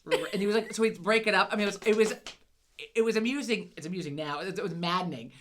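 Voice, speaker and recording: A woman telling a rambling, profane story in casual chat as a podcast co-host, pausing now and then to cough or clear her throat. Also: mid-range voice, a bit bright, slight background noise.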